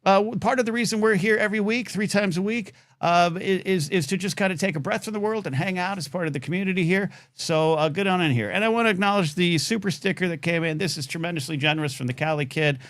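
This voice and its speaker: Animated male talk show host, dry close mic. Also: quick pace, few pauses, dry recording. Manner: animated, jumps into high playful voices, many restarts. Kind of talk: casual live talk radio style chat.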